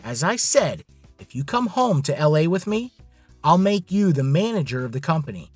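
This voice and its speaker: A man's voice: on the high side, very animated, normal speed, slightly rough, no echo, soft background music. A man voicing a scheming, cocky rich young man who talks in a bossy, demanding way. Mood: smug.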